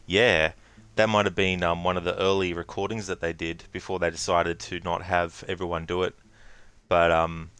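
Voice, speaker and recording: Deep, flat-voiced male game streamer. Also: clear, resonant tone. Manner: rambling, many fillers. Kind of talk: casual commentary.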